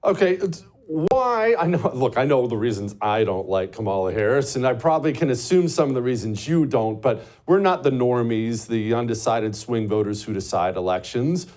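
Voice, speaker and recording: A man's voice: mid-range voice, expressive, moderate pace, hardly any pauses, a little mellow. A man hosting a political talk show, talking in a blunt, sardonic way and laughing at his own jokes.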